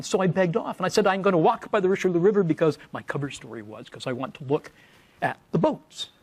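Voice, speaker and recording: A male professor giving a humorous lecture from a podium, telling stories wryly and adding playful sound effects. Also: a little high.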